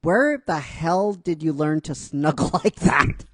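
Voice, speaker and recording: A man's voice: on the high side, lively intonation, slow pace, no echo, studio quality. A man voicing an older woman village leader who scolds with mock seriousness. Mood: mock scolding.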